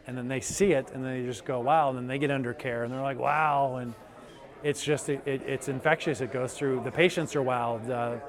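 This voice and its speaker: A man's voice: medium pitch, brisk. A male chiropractor giving an enthusiastic testimonial, telling patient stories and acting out their reactions. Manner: enthusiastic, animated storytelling with quoted patients. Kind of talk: testimonial interview.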